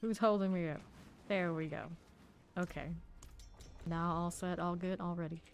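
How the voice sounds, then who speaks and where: A woman's voice: on the low side, steady tone, moderate pace, soft background music. A woman from Florida streaming a game, chatting casually and rambling through side stories while she plays. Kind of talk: casual gameplay commentary.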